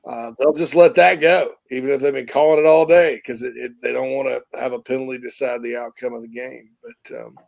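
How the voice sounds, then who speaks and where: Gravelly man musing on sports. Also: medium pitch, steady tone, fairly quick, few pauses. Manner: rambling, self-correcting, thoughtful. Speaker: sports talk show host. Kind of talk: casual sports talk.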